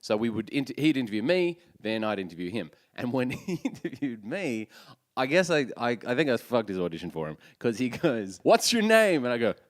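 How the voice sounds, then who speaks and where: A man's voice: mid-range voice, big pitch swings, brisk. An Australian man co-hosting a comedy podcast, telling rambling anecdotes and laughing often. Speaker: podcast co-host. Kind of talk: casual comedy chat.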